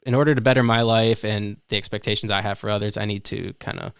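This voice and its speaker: Man in his 30s, podcast host, smooth voice, dry close sound. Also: lowish voice, fairly even intonation, quick pace, a bit bright, no room sound. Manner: thoughtful, encouraging, restarts phrases. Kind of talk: casual interview chat.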